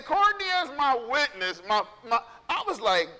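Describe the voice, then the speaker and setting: A male pastor preaching in a casual storytelling way, animated and conversational, acting out what people said. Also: very high-pitched, normal speed, hardly any pauses, in a large hall. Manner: animated, conversational, acts out quotes. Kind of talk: storytelling sermon.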